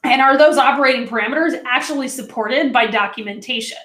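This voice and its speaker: A woman's voice: high-pitched, fast talker, a bit bright, roomy sound. A woman, a food safety consultant, giving a conversational training webinar and speaking directly to her listeners. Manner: chatty and direct, talks to listeners as friends.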